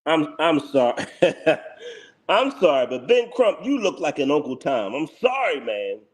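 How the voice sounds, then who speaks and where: A man hosting his own channel, giving blunt, heated live reaction commentary that repeats its points and breaks into laughter. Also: on the high side. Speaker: channel host.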